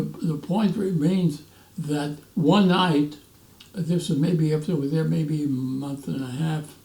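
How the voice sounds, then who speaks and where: A man in his nineties, a veteran, telling animated stories in an interview and acting out the voices of others. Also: fairly high pitch, gravelly. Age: 90s. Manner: animated storyteller, acts out quoted voices, restarts often. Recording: roomy echo, mic at a distance.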